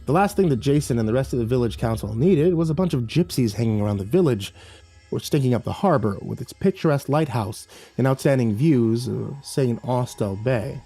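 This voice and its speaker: A man narrates a horror story in a measured, dramatic way, with a dark, mellow tone. Faint music plays beneath his voice. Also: medium pitch, breathy edge.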